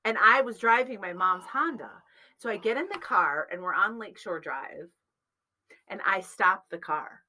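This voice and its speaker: A bright, clear-toned woman spins a long anecdote in relaxed conversation. Her pitch swings widely as she acts out what each person said. She often laughs through her lines. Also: moderate pace, rough recording. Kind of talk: casual chat, telling an anecdote.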